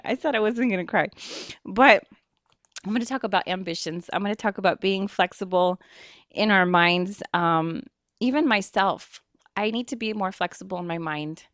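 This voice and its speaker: A woman's voice: mid-range voice, normal speed, a bit bright, no echo, clean studio sound. A young woman hosting an internet radio talk show, rambling and emotional, laughing often.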